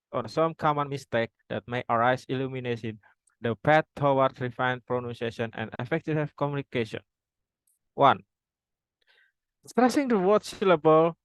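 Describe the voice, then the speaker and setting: A young man reading a prepared phonology presentation aloud, formal wording with halting restarts. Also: medium pitch, clear, resonant tone, no echo, low-quality recording. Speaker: student presenter.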